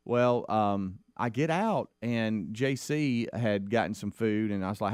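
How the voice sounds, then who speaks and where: Man, middle-aged, radio co-host, storytelling, animated, dry studio mic. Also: unhurried, few pauses, smooth, no room sound. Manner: animated storyteller who acts out quotes in a higher voice. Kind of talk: casual storytelling chat.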